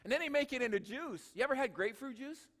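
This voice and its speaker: Man, pastor, sermon, high voice, joking asides, long church reverb. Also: animated, fast talker, a bit bright. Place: church sanctuary.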